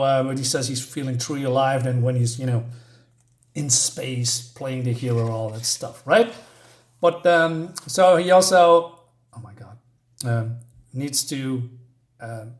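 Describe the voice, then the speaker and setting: A man's voice: mid-range voice, unhurried, pauses often. A man giving a casual spoken comic book review, rambling and ranting with lots of fillers and restarts.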